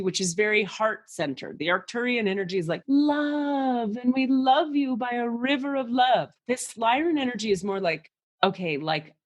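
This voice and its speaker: A woman hosting a casual spiritual podcast who channels and describes energies, animated and quick to swear. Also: mid-range voice. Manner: animated, swears freely, acts out voices and sounds. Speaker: psychic channeler and podcast host.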